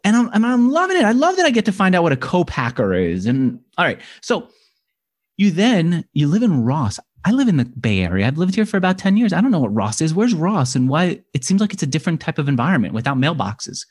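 A man's voice: fairly high pitch, sing-song, a little fast, darkish tone. A man hosting an interview who chats eagerly, makes offhand asides and asks questions in a conversational way. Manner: chatty and enthusiastic, with self-deprecating asides. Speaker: podcast host, interviewer.

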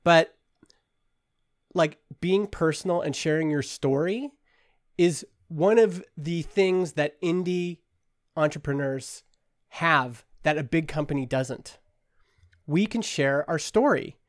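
A man who founded a small software company, telling stories as a guest in a casual interview and acting out the people in them. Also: a little high, slow, long pauses, dry recording, clean studio sound. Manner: animated, acts out the people in his stories.

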